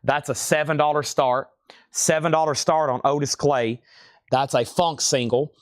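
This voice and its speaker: A man's voice: a little high, fairly even intonation, normal speed, dry recording, studio quality. A man hosting a live record sale, rattling off prices and catalog numbers while he has the hiccups. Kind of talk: live-stream auction selling.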